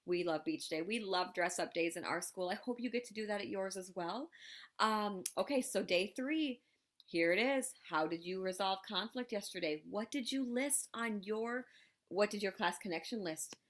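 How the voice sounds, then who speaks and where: A woman teaching a video lesson to elementary school children, lively and encouraging, speaking straight to them. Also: medium pitch, moderate pace.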